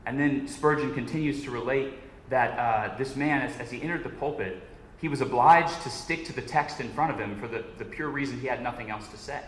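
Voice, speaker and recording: A man's voice: medium pitch, brisk, a bit bright. A man giving a sermon as a guest preacher, telling a story in an earnest way. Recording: echoey room with faint noise.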